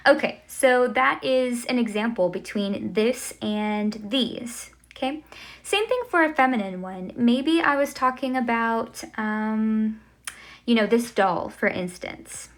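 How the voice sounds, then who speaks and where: A woman teaches a language lesson while drawing on a board, her voice sitting a bit high. She talks slowly and deliberately, pausing often to check in with the class with an upbeat "okay?" or "right?". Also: expressive, fairly bright tone. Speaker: Spanish teacher.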